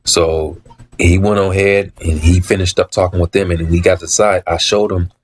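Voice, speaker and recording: This man's voice sits low and steady at a moderate pace as he relates his story casually. He says things more than once for emphasis, performs the dialogue he quotes and frequently clears his throat, with slight background noise behind him.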